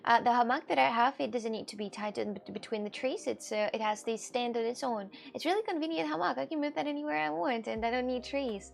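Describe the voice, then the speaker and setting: A woman livestreamer talks casually with her chat in a fairly high voice that has a gravelly, fry-laden edge. She hesitates often, restarts her sentences and swears casually, with faint music playing behind her. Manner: halting, many fillers and restarts; answers chat questions aloud.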